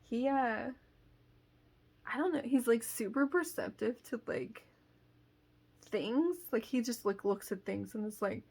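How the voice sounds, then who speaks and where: Young woman rambling on in a vlog, lots of likes and giggles, bit of vocal fry. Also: a little high, a little slow, darkish tone. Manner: rambling, filler-heavy storytelling with frequent laughs. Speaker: crochet vlogger. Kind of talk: casual chat.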